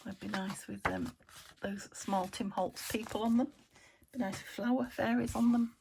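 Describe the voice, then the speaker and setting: A British woman hosting a crafting vlog from an upstairs room at home, rambling and talking to herself as she works, often trailing into soft murmurs. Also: medium pitch, fairly even intonation, moderate pace, gravelly. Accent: British English. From United Kingdom. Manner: rambling, talks to herself while working, drops into soft murmurs. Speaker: crafting channel host. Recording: home recording with noticeable background noise.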